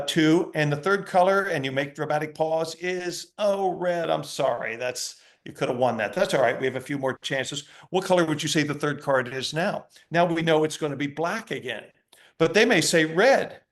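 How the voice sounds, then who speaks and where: Chatty man teaching a card trick. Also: a little high. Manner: chatty, explains while demonstrating, acts out patter. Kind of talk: casual teaching session.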